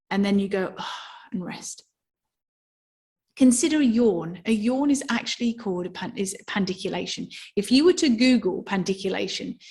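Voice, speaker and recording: A woman at a mid pitch, teaching somatic movement to a workshop group. She explains in an animated way, often turning to rhetorical questions. Now and then she acts out a yawn or a sigh to show what she means.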